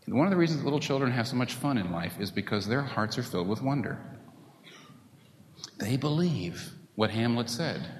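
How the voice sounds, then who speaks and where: A man preaching a sermon, putting rhetorical questions to the congregation in an animated way. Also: medium pitch. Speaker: pastor. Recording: echoey hall with faint room noise.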